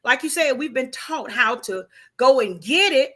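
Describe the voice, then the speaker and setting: High-pitched woman with a forceful edge; emphatic, faith-driven conversational speaker. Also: animated, normal speed. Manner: emphatic, preachy, repeats rhetorical questions. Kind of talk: casual faith-based conversation.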